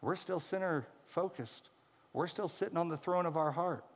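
A man's voice: fairly high pitch, normal speed. Man preaching in an echoing hall. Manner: casual and humorous, acting out quoted voices. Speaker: pastor. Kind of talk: conversational sermon.

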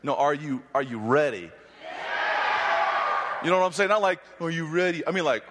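A man from Hawaii speaking at a youth conference, preaching energetically, often shouting and joking. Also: on the high side, normal speed, background noise. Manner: animated, shouting, joking, restless. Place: large hall with audience. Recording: long hall reverb.

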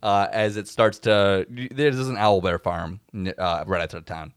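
A young man narrating as game master, animated and laughing often. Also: fairly low pitch, moderate pace, clear, resonant tone, no room sound, clean studio sound.

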